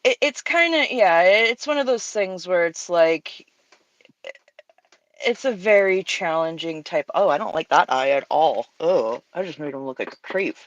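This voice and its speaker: A woman's voice: on the low side, animated, moderate pace, no echo, dull audio. A woman co-hosting a casual livestream chat while drawing, talking candidly and earnestly with frequent restarts. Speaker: livestream co-host drawing on stream.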